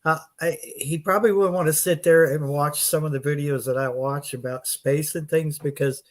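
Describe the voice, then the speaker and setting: A man's voice: a little high, fairly even intonation, moderate pace. An American man chatting casually on a livestream, explaining things at length with restarts. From United States. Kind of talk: casual chat.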